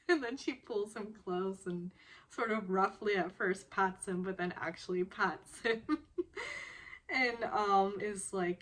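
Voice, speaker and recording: A woman's voice: medium pitch, measured pace. A young woman recapping a television drama episode in a casual, chatty way, laughing often and acting out the characters' lines. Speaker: recap vlogger.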